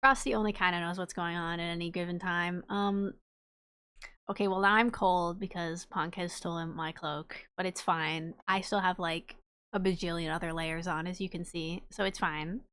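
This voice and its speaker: A woman chatting casually on a livestream as she plays a game, bubbly and quick to giggle, warmly greeting her viewers. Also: on the low side, fairly even intonation, clear, resonant tone. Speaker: streamer playing a game.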